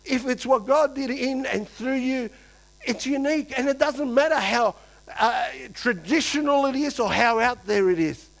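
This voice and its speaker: A pastor preaching a lively sermon to his church, acting out quoted voices and swinging between loud and hushed. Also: very high voice, moderate pace, creaky, poor audio.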